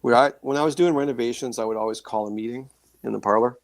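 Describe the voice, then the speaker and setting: Talking fast in a mid-range voice with a gravelly creak, this male guest author rambles through relaxed, animated stories of paranormal encounters. He fills them with fillers and corrects himself often. The interview audio is close and dry, with no echo or room sound.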